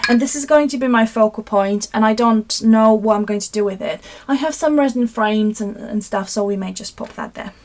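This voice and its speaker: A woman from Poland hosts a relaxed live crafting session from her desk at home. Her voice sits a little high and she talks to viewers in a rambling, self-mocking way as she works. A faint hum of background noise runs under her. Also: brisk, few pauses. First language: Polish. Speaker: craft video host. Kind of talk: casual live craft chat.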